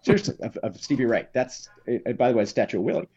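A Texan political commentator appears as a podcast guest, telling stories in an animated, emphatic, joking way. His voice sits in the mid-range with a breathy edge, he talks quickly, and the recording sounds lo-fi.

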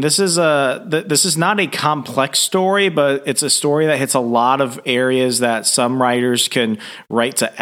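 A man's voice: medium pitch, a bit bright. A man co-hosting a podcast, discussing a comic book in a thoughtful, hesitant way with many restarts. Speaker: podcast co-host.

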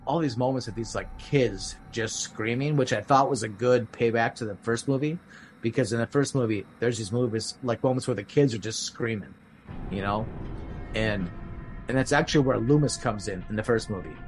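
A man's voice: mid-range voice, normal speed, low-quality recording. Male podcast host, loose rambling recap, frequent fillers, faint music bed. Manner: rambling, many fillers, acts out quotes. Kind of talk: casual recap of a horror film.

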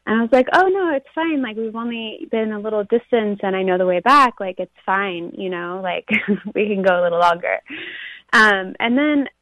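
A woman's voice: mid-range voice, normal speed, no room sound. A woman telling a dream in casual, rambling talk, filling her speech with "like". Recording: dull lo-fi recording.

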